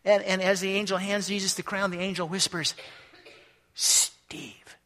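A man preaching a storytelling sermon to a congregation, animated and acting out the scenes he describes. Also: high voice, quick pace. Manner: animated, acts out scenes in voices. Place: church or hall. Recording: echoey hall.

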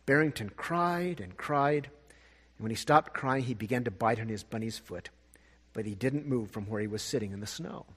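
Storyteller, male, husky and gentle, long reverb behind. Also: mid-range voice. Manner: gentle, expressive, slow at sad parts. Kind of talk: storybook reading.

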